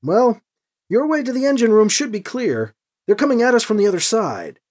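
An audiobook reader voicing a commanding woman leader giving brisk, clipped orders over a comm line. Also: mid-range voice, very animated, darkish tone, voice pushed up.

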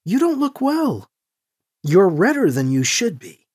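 A frail mother who speaks with gentle, anxious concern, as an audiobook reader voices her. The voice is slow and husky. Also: medium pitch, very animated. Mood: worried.

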